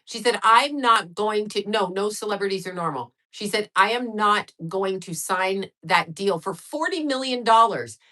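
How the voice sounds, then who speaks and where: A woman's voice: mid-range voice, lively intonation, normal speed, hardly any pauses, pushed and bright. A middle-aged woman chatting casually and rambling on her livestream, reacting to viewer comments as she goes. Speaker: livestream host.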